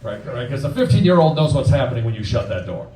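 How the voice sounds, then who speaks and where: A man in his forties doing a stand-up comedy set, crude and punchy, acting out quick voices. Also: mid-range voice, big pitch swings, warm tone. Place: comedy club stage before a live audience. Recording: roomy club sound from a distance, audience laughter.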